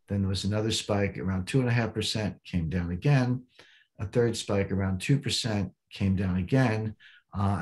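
Older man explaining economics. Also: fairly low pitch. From United States. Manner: measured, explanatory, frequent fillers and restarts. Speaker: economic commentator. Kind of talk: economic presentation with charts.

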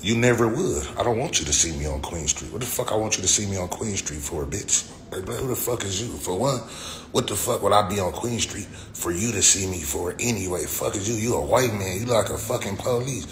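A man's voice: lowish voice, expressive, fairly quick. Heated, profane man in his forties on a livestream. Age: 40s. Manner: profane, heated, talks back to chat comments. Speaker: livestream host. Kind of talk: casual livestream rant. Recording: echoey room with faint ambient noise.

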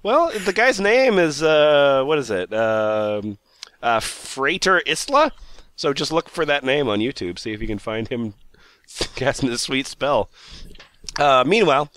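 A man's voice: medium pitch, expressive, measured pace, a bit bright, dry recording. A man hosting a casual comedy podcast, reading a blog post aloud and giggling often as he goes. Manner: giggly, reads aloud with frequent laughs.

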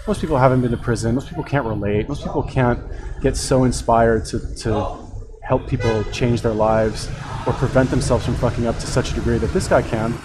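Dude rambling thru a reaction vid, hesitant, noisy background. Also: male voice, medium pitch, fairly even intonation, brisk. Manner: rambling, hesitant, lots of fillers and restarts. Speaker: video commentator. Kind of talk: reaction commentary.

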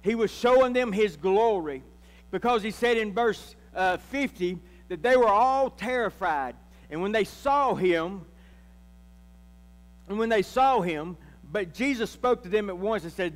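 A man's voice: high-pitched, expressive, a little slow, long reverb tail. A man, a pastor, preaching a sermon and calling out to his congregation. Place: church sanctuary.

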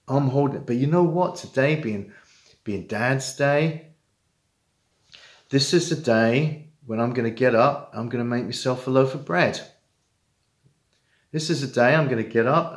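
A middle-aged man with an earnest, halting manner, talking straight to fellow fathers in a heartfelt personal monologue. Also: mid-range voice, reverberant. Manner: earnest, halting, with many restarts and repetitions. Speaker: father giving advice to estranged dads.

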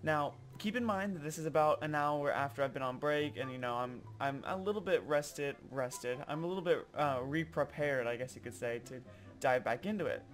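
A young man tells a story straight to camera in a fairly high, lively voice. He throws in exaggerated voices for the people in it, and music plays clearly behind him. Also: moderate pace. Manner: animated, acts out customers in exaggerated voices. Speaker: vlogger. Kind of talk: casual storytelling vlog.

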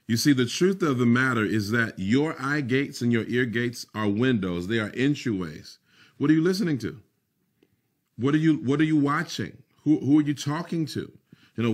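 A man preaching a sermon to his listeners. He stretches out key words with deliberate, emphatic weight and repeats his lines for effect, then slips into quick, quiet mutters. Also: mid-range voice. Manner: preaching with slow emphatic phrasing and muttered asides. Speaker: pastor.

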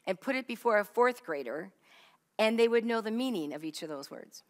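A woman's voice: a little high, expressive, normal speed. A woman Bible teacher leading a study for a live group, stressing and repeating key phrases and quizzing her listeners. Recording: long reverb of a hall.

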